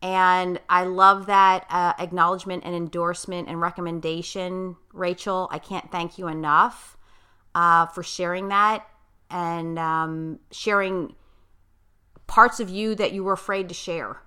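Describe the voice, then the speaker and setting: A woman's voice: fairly low pitch, fairly even intonation, unhurried, sharp tone, clean tone. A middle-aged woman life coach hosting a podcast interview, talking bluntly and effusively.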